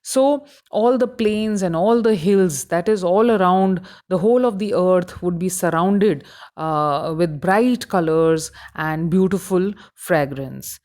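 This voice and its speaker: Halting Indian woman lecturer, lowish voice. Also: a little mellow. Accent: Indian English. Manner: halting, explanatory, many fillers. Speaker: college English lecturer. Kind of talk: recorded lecture on a poem.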